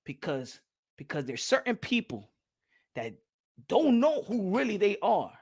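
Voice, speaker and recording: A man from New York whose first language is Spanish, hosting a boxing talk show and ranting passionately to his panel, repeating himself and shouting at times. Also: sits high, very animated, unhurried, slightly rough. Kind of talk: livestream panel monologue.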